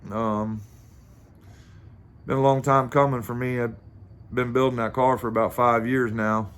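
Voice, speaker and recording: A man's voice: medium pitch, level tone, a little slow, fairly bright tone, clear, resonant tone. A middle-aged man, casually telling a rambling story to the camera with lots of fillers, restarts and the odd curse. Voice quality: plain-spoken and informal, swears casually. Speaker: amateur drag racer.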